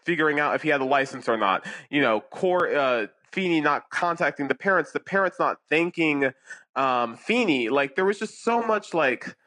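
A man's voice: fairly high pitch, expressive, normal speed, sharp tone. A man co-hosting a podcast, casually and bluntly critiquing a sitcom episode and mockingly quoting its characters. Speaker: podcast co-host.

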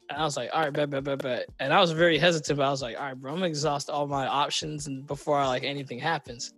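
Animated young man telling stories. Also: fairly high pitch, fairly quick, soft background music. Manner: animated storyteller, acts out voices in anecdotes. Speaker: podcast host. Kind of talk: casual chat.

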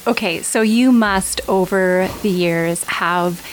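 A woman's voice: medium pitch, slow pace, a little hiss or hum, poor audio. A woman interviewer asking curious, leading questions about her guest's work.

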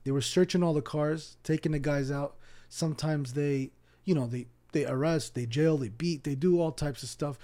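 A Palestinian-born imam with a mellow, higher male voice speaks at a moderate pace as a guest on a podcast. In this casual storytelling interview he's an animated narrator who acts out dialogue, repeating words whenever he restarts.

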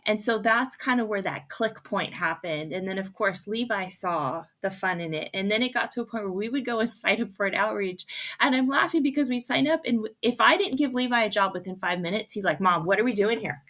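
A woman's voice: medium pitch, fairly quick. A woman in her thirties, a podcast guest, telling stories in a casual interview and acting out the voices of people she quotes. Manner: animated storyteller, acts out quoted voices.

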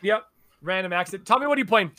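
A man hosting a casual gaming podcast, joking around with his co-hosts and breaking into mock yelling. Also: high voice, animated, fast talker, no room sound, studio quality. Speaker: podcast host.

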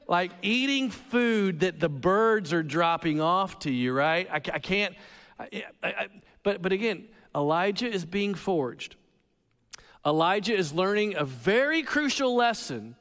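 A man preaching a sermon, telling a Bible story with animated pacing, jokes and dramatic pauses. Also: high-pitched, long reverb tail. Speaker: pastor.

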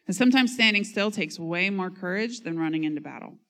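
A woman's voice: fairly low pitch, brisk, fairly bright tone. A woman pastor preaching a sermon in a conversational way, reading scripture, acting out quotes and joking at her own expense. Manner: conversational, self-mocking humor; reads scripture and acts out quotes.

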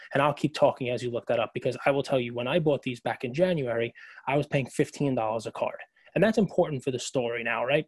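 In a dry recording, a man co-hosting a podcast spins out a lengthy story in a medium-pitched, darkish voice. The chat is casual and meandering, with lots of fillers and false starts.

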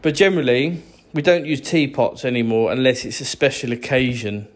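A man's voice: medium pitch, a little fast. A man with an English accent, ranting sarcastically and with exasperation to camera. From England. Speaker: vlogger.

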